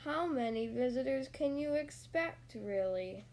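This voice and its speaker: A woman voicing a gloomy, mournful old male donkey in a storybook reading, low and slow. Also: animated, noisy background. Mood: mopey.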